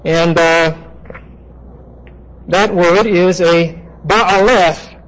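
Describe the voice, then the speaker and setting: Man, high voice, Bible lecture, halting with fillers, classroom, dull lo-fi recording. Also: steady tone, fairly bright tone. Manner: explanatory, halting with frequent "uh" fillers. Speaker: Bible teacher.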